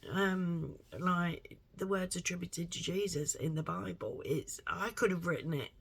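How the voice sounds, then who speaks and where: A woman talks straight to her viewers in a loose, rambling rant. Her voice is gravelly with a husky, breathy edge. She is blunt, swears constantly and leans hard on every point. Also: fairly low pitch, steady tone, measured pace. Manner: blunt, heavily swearing, emphatic. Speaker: vlogger. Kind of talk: rambling opinion monologue to camera.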